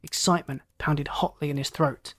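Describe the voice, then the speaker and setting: Storybook narrator, steady, dramatic reading, mid pitch. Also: normal speed. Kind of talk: audiobook narration.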